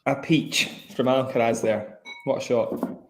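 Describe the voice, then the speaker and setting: A man's voice: medium pitch, fairly even intonation, unhurried, creaky. A man co-hosting a live tennis watchalong, chatting casually and offering playful tips. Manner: giving playful tips, laughs often. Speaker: podcast co-host.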